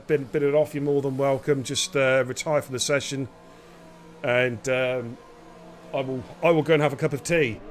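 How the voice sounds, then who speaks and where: A man's voice: mid-range voice, slight background noise. Chatty man hosting a live stream. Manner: chatty, relaxed and jokey. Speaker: esports race league host. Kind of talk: casual live-stream commentary.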